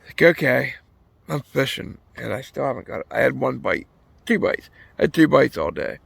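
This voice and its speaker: A man's voice: mid-range voice, sing-song, normal speed, vocal fry, a bit bright, husky, no room sound. A man telling a rambling, profane story in a casual vlog while fishing outdoors by a pond. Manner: rambling, profane, self-correcting. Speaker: vlogger.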